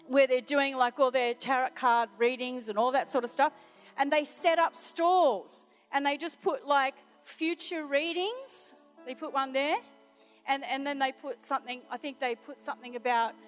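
A middle-aged woman preaching, telling personal stories in a chatty way full of "you know" and restarts. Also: sits high. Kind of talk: sermon with personal anecdotes.

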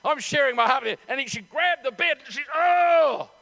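A middle-aged preacher with a very high voice for a man. He tells the story with many stops and restarts and acts out the voices. His sermon builds into loud, desperate shouts. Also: a little fast, vocal fry. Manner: animated storytelling, acting out voices. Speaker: pastor.

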